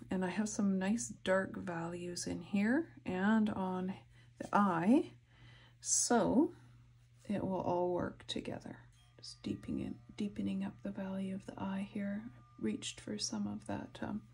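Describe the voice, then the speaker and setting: A soft-spoken woman narrating a painting tutorial, her voice dropping to whispers as she concentrates. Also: mid-range voice, breathy edge. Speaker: art instructor.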